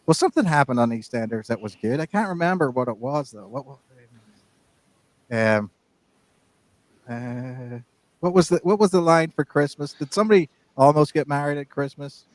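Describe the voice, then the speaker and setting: A man's voice: a little high, expressive, normal speed, no room sound. A man co-hosting a podcast in casual banter, rambling and jokey, often restarting his sentences. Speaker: podcast co-host.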